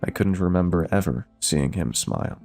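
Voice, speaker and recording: A man narrating a scripted horror story in a steady, measured way. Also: low-pitched, creaky. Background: faint music.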